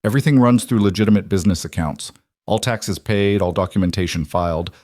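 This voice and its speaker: A man voicing a composed, guarded businesswoman who answers in a careful, measured way in an audio story. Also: lowish voice, darkish tone, no room sound, clean studio sound, natural voice.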